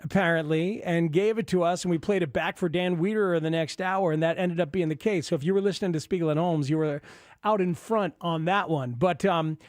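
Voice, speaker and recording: A man hosting a sports talk radio show, chatting excitedly about football and taking calls. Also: on the high side, fairly quick, no echo, studio quality.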